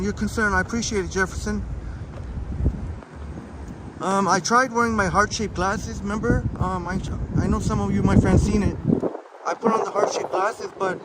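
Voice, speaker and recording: A man with a high voice strolls through a busy downtown street on a live stream, reading viewer comments aloud and answering them in an easygoing, chatty way. He laughs often. Loud traffic and city sounds fill the background of the phone recording. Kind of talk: casual walking live stream.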